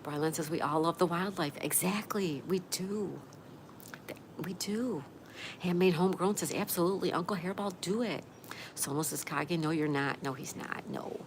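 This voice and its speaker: A woman's voice: fairly low pitch, moderate pace, a little hiss or hum. Chatty woman reading live chat. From Florida. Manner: chatty, reads out viewer names and messages. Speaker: livestream host. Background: rain ambience.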